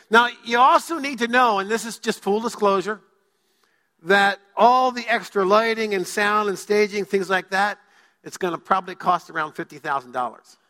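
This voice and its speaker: Bright high-voiced male pastor preaching. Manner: joking with the congregation, dramatic pauses. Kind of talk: sermon. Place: church sanctuary. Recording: long hall reverb.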